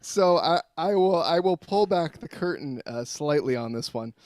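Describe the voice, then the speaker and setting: Slightly high-voiced rambling male storyteller. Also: normal speed, dry recording. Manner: rambling, animated storyteller with many fillers and restarts. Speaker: sports reporter calling in as a guest. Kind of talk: casual sports talk, storytelling.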